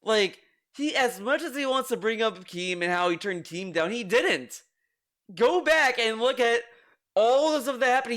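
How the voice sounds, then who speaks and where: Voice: medium pitch, fairly bright tone. A streamer giving exasperated, ranting commentary on a video, swearing freely. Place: home streaming room.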